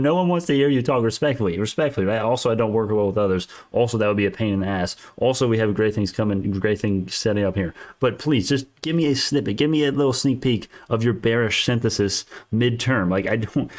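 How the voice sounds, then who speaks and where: A man with a fairly low voice runs a casual stock market livestream, reading and answering chat. He argues his points heatedly and keeps restarting his sentences. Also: a little fast. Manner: argumentative, restarts sentences often.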